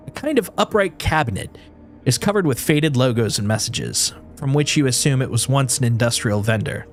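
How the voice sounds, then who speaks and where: Man narrating a game with playful asides. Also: mid-range voice. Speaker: streamer. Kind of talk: reading a narrative game aloud.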